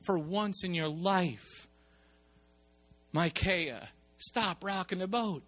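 A man's voice: high-pitched, takes it slowly, fairly bright tone, exaggerated voice. A preacher voicing an anxious male royal messenger who begs a prophet to go along with the others. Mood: pleading. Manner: coaxing, exasperated.

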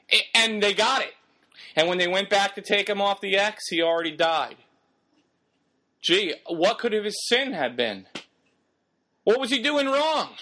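A man's voice: high-pitched, pushed and bright. A man preaching a sermon in an emphatic, exhorting way, firing rhetorical questions at the congregation.

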